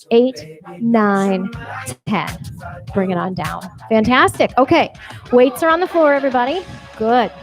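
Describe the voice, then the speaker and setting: A woman's voice: fairly high pitch, poor audio. Upbeat woman cueing a workout. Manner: encouraging, counting reps, cheerful whoops. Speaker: fitness instructor. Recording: music playing behind. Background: workout music.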